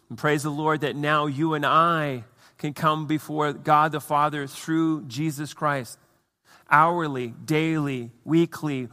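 A man's voice: a little high, pushed and bright, in a large hall. A man preaching a sermon as pastor, conversational, with restarts and playful acted asides.

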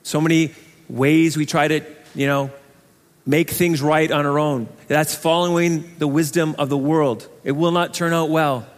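A man preaching a sermon as pastor, talking in a conversational, animated way and acting out little voices. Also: fairly high pitch, big-room sound. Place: church sanctuary.

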